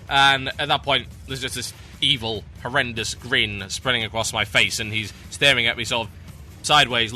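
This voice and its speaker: Bright-voiced male podcast host. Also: medium pitch. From Newcastle, England. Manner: animated, acts out quoted voices. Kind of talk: casual podcast talk.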